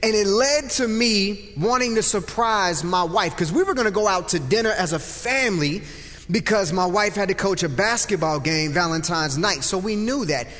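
A man in his forties with a high voice shares a faith testimony, telling it as a vivid story that swings from loud and excited to soft and hushed. His voice rings out with a long reverb, as in a large hall. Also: moderate pace. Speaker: speaker telling a personal testimony.

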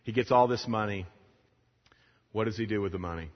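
In a large hall whose long reverb blurs the dull, lo-fi sound, a man with a fairly low voice preaches to pastors at a brisk clip. He spins his story with animation, voicing the characters and their dialogue as it unfolds.

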